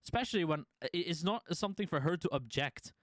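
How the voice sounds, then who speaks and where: A man's voice: on the high side, expressive, quick pace, a bit bright, no echo, studio quality. A man streaming live, casually chatting to his viewers and telling a story, swearing freely and laughing often.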